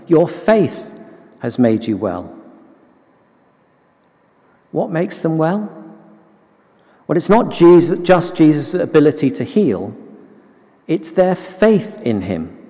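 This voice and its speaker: A man preaching a sermon in a slow, measured, earnest way, repeating key phrases. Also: fairly high pitch, dark tone, big-room sound.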